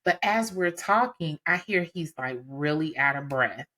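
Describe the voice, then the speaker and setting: A woman with a low voice tells a personal story in a relaxed, conversational way. She talks casually and animatedly, filling gaps with "um" and "you know." It sounds like a podcast host speaking straight to her listeners. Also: a little slow.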